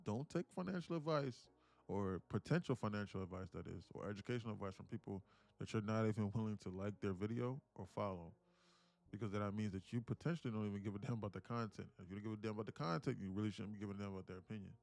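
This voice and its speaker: A man's voice: lowish voice, quick pace, gravelly, darkish tone. A man day trader talking casually and bluntly on a live stream, rambling and laughing often.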